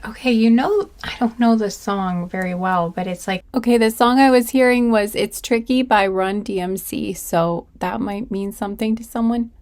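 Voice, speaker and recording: A woman's voice: medium pitch, steady tone, a little mellow. A woman doing a pick-a-card reading, chatting casually and giggling now and then while she is tired with a sore back. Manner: slow, meandering, giggly, talks to viewers as guys. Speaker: tarot reader.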